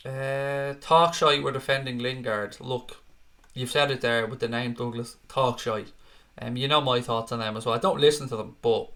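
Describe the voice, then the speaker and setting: A man's voice: mid-range voice, bright, forceful tone. A young man hosting a casual live stream, chatting and reading out viewer comments, swearing freely. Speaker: host.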